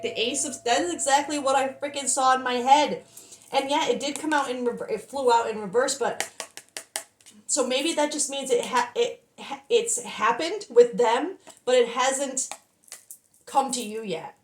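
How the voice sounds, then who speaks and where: Breathless excited woman reading tarot. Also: sits high, normal speed, reverberant. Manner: breathless, swearing, apologizing, stumbling over words. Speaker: tarot reader.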